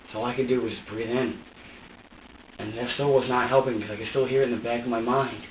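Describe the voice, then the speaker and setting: A suspect in a police interrogation room gives an emotional confession, agitated and swearing heavily as he stops and restarts. His voice is mid-range with a little hiss or hum, captured in an echoey, distant, dull room.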